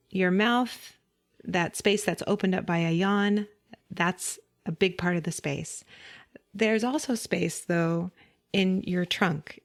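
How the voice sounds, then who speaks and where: A woman voice teacher gently guiding listeners through a vocal warm-up, giving calm step-by-step instructions with light laughs. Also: mid-range voice. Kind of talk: guided vocal warm-up lesson.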